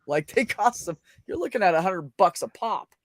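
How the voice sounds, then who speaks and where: A young man chatting casually on his livestream, crude and joking with a ready laugh. His voice runs a little high for a man and moves around a lot. The sound is close and dry. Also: expressive, moderate pace, no room sound. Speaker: livestream host. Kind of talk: casual live chat.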